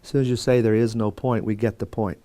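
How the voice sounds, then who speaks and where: A man's voice: lowish voice, fairly even intonation, fast, mellow. A man teaching a Bible course in a conversational lecture style, with fillers and restarts and quotes acted out. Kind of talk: classroom lecture.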